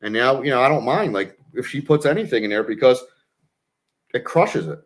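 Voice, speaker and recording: A middle-aged man telling a rambling story on a casual chat show. He talks in an animated, profane way, leaning on fillers as he goes. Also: mid-range voice, fairly quick. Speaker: co-host.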